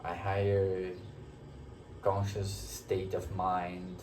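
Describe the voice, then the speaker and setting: Man, slow unhurried delivery, emotional and reflective, pausing often, roomy echo. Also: deep voice, completely flat delivery, background noise. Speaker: spiritual teacher sharing a personal experience. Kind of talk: reflective personal storytelling. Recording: echoey room.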